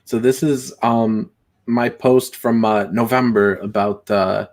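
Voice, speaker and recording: A man's voice: medium pitch, level tone, slow, no room sound. A man hosting a casual online show, rambling and laughing as he reads messages aloud. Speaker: show host. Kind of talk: casual commentary, reading screenshots aloud.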